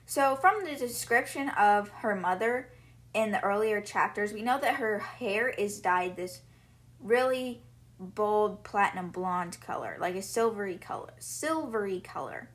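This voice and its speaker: A young woman talks through book chapters in a loose, chatty recap at a middle pitch. She fills her sentences with casual fillers as she retells the story. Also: animated, measured pace. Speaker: podcast host.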